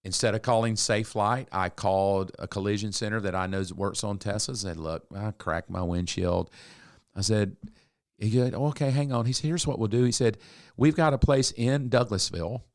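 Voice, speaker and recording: A man's voice: lowish voice, moderate pace, no room sound, studio quality. A man, co-hosting a podcast and telling a story, acting out the lines of the people in it. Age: 60s. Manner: animated storyteller, acts out quotes. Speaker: podcast co-host. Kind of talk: casual storytelling chat.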